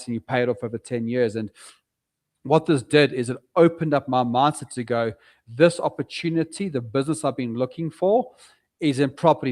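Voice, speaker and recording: Middle-aged South African man, podcast guest, lively storyteller who acts out his own past words. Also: mid-range voice. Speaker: guest property investor. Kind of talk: casual podcast interview.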